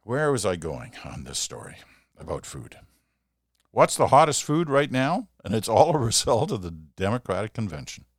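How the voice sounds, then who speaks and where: A man's voice: on the low side, very animated, normal speed, slightly rough, no echo, studio quality. An older man hosting a solo podcast, chatting in a rambling way with self-deprecating asides. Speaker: podcast host. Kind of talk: casual solo podcast monologue.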